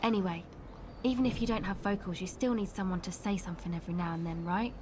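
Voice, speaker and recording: An actress voicing a cool, guarded young woman in a video game, offhand and evasive, over clear background noise. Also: fairly low pitch, steady tone, fast talker, a little mellow, natural voice. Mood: laid-back. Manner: laid-back, evasive, offhand. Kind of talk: voiced video game dialogue.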